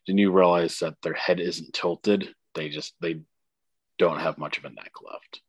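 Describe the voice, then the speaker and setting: Low slow guy gm-ing a tabletop game, lots of ums, dry sound. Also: steady tone, slightly rough, dry recording. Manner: hesitant, filler-heavy narration. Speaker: game master.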